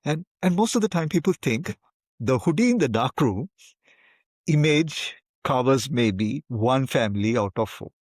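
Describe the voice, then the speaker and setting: A man of middle pitch hosts an interview, pressing his points with emphasis and doubling words as he starts. The recording is dry, with no echo around his voice. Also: expressive, measured pace, a little mellow. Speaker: podcast host. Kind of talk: interview conversation.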